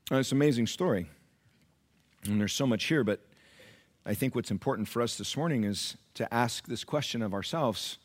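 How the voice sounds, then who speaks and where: A middle-aged man, a pastor, preaching a sermon that moves between quiet storytelling and loud, high-pitched exhortation. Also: normal speed.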